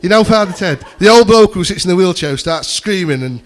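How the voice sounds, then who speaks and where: Rambling sweary comic. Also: male voice, high-pitched, animated, brisk. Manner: rambling, swears freely, chats with the audience. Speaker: stand-up comedian. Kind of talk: stand-up comedy set with crowd banter.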